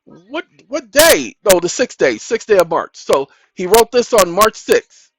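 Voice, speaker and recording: Man, host, high voice, emphatic preaching-style delivery that swells into loud insistent bursts; noisy recording. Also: sing-song, unhurried. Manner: emphatic, repeats "ladies and gentlemen", rises into loud insistent bursts. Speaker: channel host.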